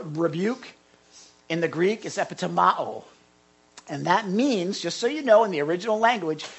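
A male pastor preaching a sermon in an animated way, repeating words and adding asides. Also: high-pitched, vocal fry, husky.

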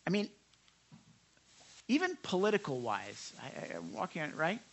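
A pastor preaches in a loose, conversational way, checking in with his listeners as he goes. His voice swoops lively up and down with a bright, forceful edge, and his delivery is fervent and earnest. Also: a little high, moderate pace, creaky, slight background noise. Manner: animated, talks straight to listeners with frequent "right?" asides. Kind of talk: conversational sermon.

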